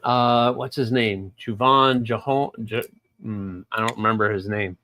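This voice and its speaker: A man co-hosting a live chat, laid-back and halting, often searching for his words. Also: on the low side, steady tone, pushed and bright. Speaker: co-host and knife sharpener.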